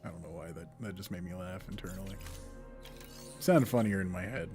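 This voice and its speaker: A man's voice: low voice, a little fast. A man streaming a game, chatting casually and rambling, swearing and laughing now and then, over game music. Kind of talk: casual gameplay commentary.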